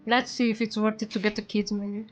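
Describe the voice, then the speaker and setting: A woman streaming casually to her chat as a VTuber. She talks excitably, jumping to sudden squeals and then dropping to soft mutters. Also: medium pitch, fast, lo-fi sound.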